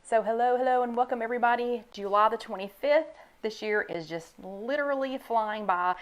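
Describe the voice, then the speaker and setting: A woman's voice: a little high, fairly quick. Older woman, live-stream host, chatty, greets viewers by name, desk microphone, at home. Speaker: host of a live online chat. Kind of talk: casual live-stream chat. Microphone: new desk microphone.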